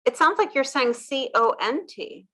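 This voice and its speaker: A woman's voice: high voice, expressive, moderate pace, sharp tone. A woman hosting a casual interview chat, upbeat, repeating words back and laughing at her own slips. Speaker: host.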